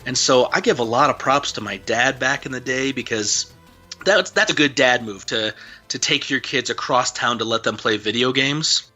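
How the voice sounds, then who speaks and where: A man's voice: medium pitch, normal speed, pushed and bright, faint music behind. A man guest telling a casual, rambling story full of fillers. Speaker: interview guest.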